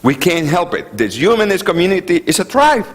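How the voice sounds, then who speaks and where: A man giving a public lecture to a community group, chatty and animated, often tossing out rhetorical questions. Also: sits high, fairly quick, poor audio. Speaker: guest speaker. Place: community meeting room.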